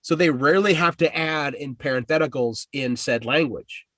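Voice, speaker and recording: A man's voice: on the high side, normal speed, a bit bright, no room sound. Casual rambling man with a dry voice. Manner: loose, profane, rambling with restarts. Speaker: podcast host. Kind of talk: casual chat.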